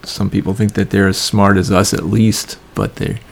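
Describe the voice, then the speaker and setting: A man's voice: fairly low pitch, level tone, normal speed, gravelly. A man co-hosting a casual radio chat, musing thoughtfully and answering with short murmurs.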